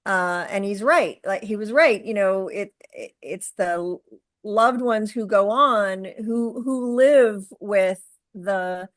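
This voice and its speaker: A woman's voice: mid-range voice, no echo. Middle-aged woman guest, earnest, lots of ums and restarts, dry mic. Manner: earnest, halting, many fillers and restarts. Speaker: guest, author and caregiver. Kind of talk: conversational interview.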